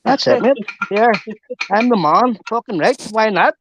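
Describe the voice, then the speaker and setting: High-voiced man trash-talking. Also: measured pace, a bit bright, a little hiss or hum. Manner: swearing, mocking, boastful. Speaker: panel guest. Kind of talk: crude banter on a live stream. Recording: dry lo-fi call audio.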